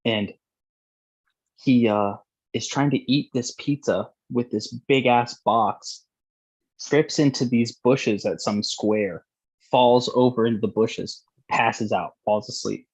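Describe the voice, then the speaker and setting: A man's voice: medium pitch, steady tone, slow pace, husky. A young man casually telling a long, profane, rambling story as a podcast host.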